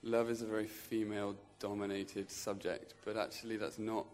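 A man's voice: fairly low pitch, level tone, moderate pace, a little mellow. A man speaking earnestly in a church group, plain-spoken with frequent restarts. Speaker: church member sharing a testimony. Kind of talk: spontaneous testimony in a group.

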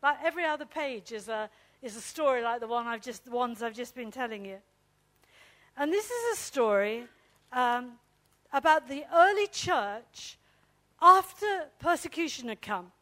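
A middle-aged woman preaches with a high, bright-pitched voice. She tells personal stories in a lively, anecdotal way. She often turns to the congregation and speaks to them directly. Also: normal speed. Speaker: pastor's wife preaching.

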